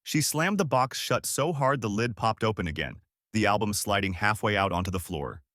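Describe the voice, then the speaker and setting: A man narrating a first-person story in a steady, even storytelling manner. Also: lowish voice, moderate pace, no echo, clean studio sound.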